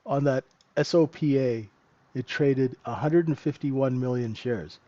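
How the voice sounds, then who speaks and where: A man's voice: mid-range voice, measured pace, warm tone, no room sound, dull audio. A middle-aged man hosting a live trading room, chatting casually and joking with viewers, laughing often. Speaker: trading room host and mentor.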